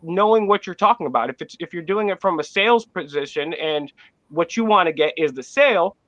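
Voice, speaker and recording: A man's voice: on the high side, animated, fairly quick, a bit bright, no room sound, lo-fi sound. A man co-hosting a casual panel discussion, joking and acting out little mock dialogues as he talks. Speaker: podcast co-host.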